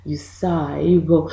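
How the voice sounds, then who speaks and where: A woman with a Haitian accent reading a picture book to young children, explaining each word slowly and patiently in two languages. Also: on the low side, mellow, roomy sound.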